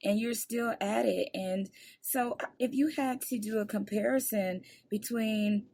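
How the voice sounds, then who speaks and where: A woman's voice: medium pitch, a little slow, vocal fry, mellow. A woman hosting an interview podcast, asking questions in a playful, easygoing way. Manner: playful, laughing easily. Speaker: podcast host. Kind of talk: casual interview chat.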